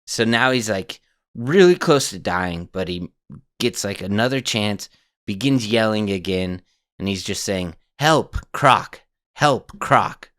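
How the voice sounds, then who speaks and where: Slow, low-voiced podcast host. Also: male voice, animated, a bit bright, no room sound, studio quality. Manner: laid-back, laughs easily. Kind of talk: casual storytelling to co-hosts.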